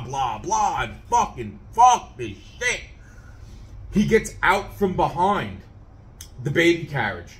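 A man's voice: on the high side, fairly bright tone. Worked-up swearing man telling a story. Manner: heavy swearing, stammering restarts, worked-up. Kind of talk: profane storytelling rant.

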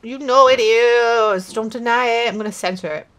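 A woman gamer at home giving frustrated commentary on a game, swearing and shouting often. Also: fairly high pitch, moderate pace. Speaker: let's play gamer.

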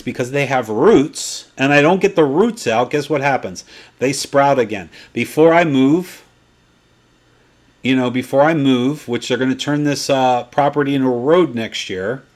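Animated man in his fifties teaching scripture. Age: 50s. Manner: animated, swings from low asides to excited peaks. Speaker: podcast Bible teacher. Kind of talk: sermon-style Bible teaching.

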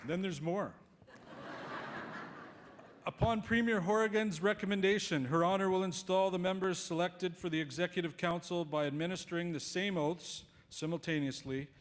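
A man hosts a formal ceremony with polished, genial delivery, his voice pitched a little high. A long reverb trails each phrase through the hall. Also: moderate pace, some chatter behind. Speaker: master of ceremonies. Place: hall at official residence.

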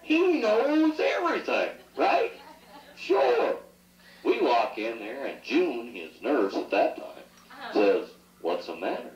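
A middle-aged man, the son, toasts an anniversary in a party room with rambling anecdotes, teasing and joking and laughing at his own stories. His voice is medium-pitched with a darkish tone and wildly swooping pitch, and he speaks slowly. The audio is dull, from echoey 1980s home video shot at a distance.

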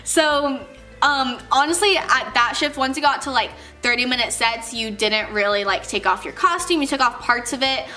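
A woman's voice: high-pitched, moderate pace, bright, forceful tone, faint music behind. A young woman telling work stories to her camera in a chatty, casual way, full of "like" and acted-out quotes. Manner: chatty, many "like"s, acts out quoted voices. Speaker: vlogger.

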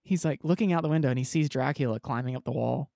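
A man co-hosting a casual podcast, chatting about movies in an animated way and laughing often. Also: mid-range voice, gravelly, no room sound, clean studio sound. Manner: animated, laughing, does quick movie impressions. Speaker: podcast co-host. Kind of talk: casual chat.

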